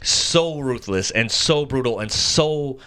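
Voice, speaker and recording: A young man co-hosts a casual podcast and gushes about a show, swearing freely and acting out scenes. His voice is bright and forceful, at an average pitch for a man. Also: lively intonation, takes it slowly, clear, resonant tone. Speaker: podcast co-host. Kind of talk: casual chat.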